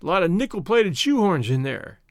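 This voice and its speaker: A man voicing a cool young safecracker who speaks calmly and briefly. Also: high voice, normal speed, dry recording, clean studio sound. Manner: cool, clipped, calm.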